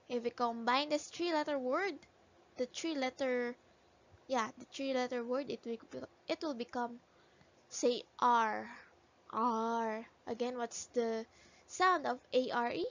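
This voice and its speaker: Slow patient phonics teacher, woman. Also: a little high. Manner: slow, sounds out letters and repeats words for children to echo. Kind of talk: phonics lesson for young children. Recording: dull lo-fi recording.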